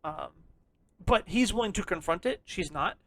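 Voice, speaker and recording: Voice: mid-range voice, animated, moderate pace, a little hiss or hum. A podcast co-host in loose, casual conversation, rambling and swearing freely and laughing often. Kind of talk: casual chat.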